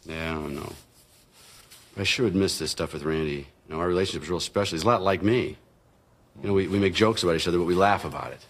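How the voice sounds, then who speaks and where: An actor playing a boastful, goofy middle-aged TV tool-show host in a sitcom, jokey and showy. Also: male voice, low voice, fast. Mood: reflective. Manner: jokey, showy, then quiet and reflective. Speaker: TV home-improvement show host. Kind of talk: sitcom acting.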